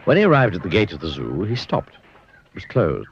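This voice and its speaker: Animated man reading a storybook aloud. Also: low voice, normal speed, dull audio, a little hiss or hum. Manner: animated, giggles through the reading. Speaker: storybook narrator.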